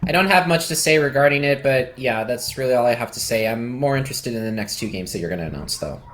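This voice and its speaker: A man's voice: medium pitch, lively intonation, fast, a bit bright, slight background noise. A man co-hosting a casual game podcast who tosses in wry asides and keeps nudging the host to continue. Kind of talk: casual chat.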